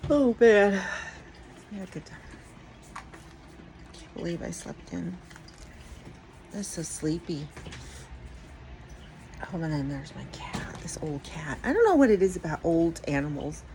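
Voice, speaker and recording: A woman's voice: low voice, very animated, measured pace, long pauses, dark tone, slight background noise, rough recording. A middle-aged woman chatting casually at home in a morning vlog, rambling and laughing often. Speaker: vlogger.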